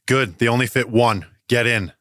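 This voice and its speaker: A man's voice: extremely low pitch, level tone, a little fast, no room sound, clean studio sound. A man voicing a commanding female rebel pilot who gives curt orders. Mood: urgent. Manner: curt orders, yelled over machinery.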